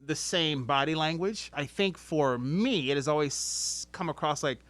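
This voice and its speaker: Middle-aged man, swearing storyteller, bright forceful tone, acts out his own angry rants. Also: on the high side, a little slow, no echo. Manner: animated, swears freely, acts out angry quotes. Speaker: podcast guest, restaurant veteran. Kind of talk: casual profane storytelling.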